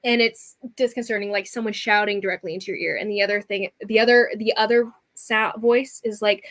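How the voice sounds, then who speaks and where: A woman's voice: medium pitch, steady tone, brisk, few pauses, a bit bright. A woman narrating a tabletop game as game master, chatty and full of fillers. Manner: chatty, many fillers and restarts.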